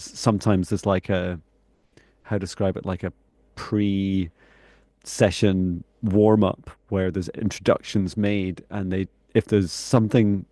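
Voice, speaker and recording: A man co-hosting a live stream, talking in a relaxed, chatty way with small laughs. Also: fairly low pitch, dry recording. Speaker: psychic mentor and co-host. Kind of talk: live-stream casual chat.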